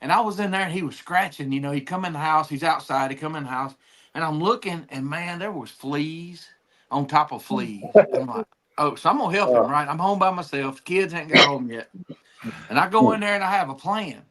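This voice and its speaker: A man with a bright, somewhat high voice chats straight to his viewers while co-hosting a casual live stream. He tells his story plainly and conversationally. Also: fairly quick. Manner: chatty, addresses the audience directly. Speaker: co-host.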